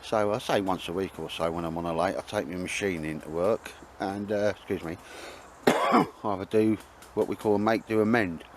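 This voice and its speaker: A man's voice: sits low, fairly even intonation, normal speed, slight background noise. A man chatting casually to the camera while cooking outdoors, rambling and bantering with lots of tag questions. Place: outdoors in woodland.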